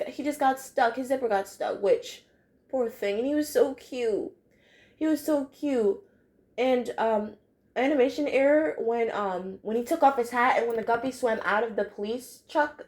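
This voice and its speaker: A woman's voice: fairly high pitch, a little mellow. A young woman chatting casually in a review vlog, full of fillers and phrases she repeats. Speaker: cartoon episode reviewer.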